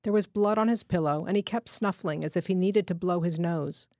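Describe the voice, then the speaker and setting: A woman reading a literary short story aloud in a measured, steady way. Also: fairly low pitch, no room sound, clean studio sound. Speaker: fiction reader.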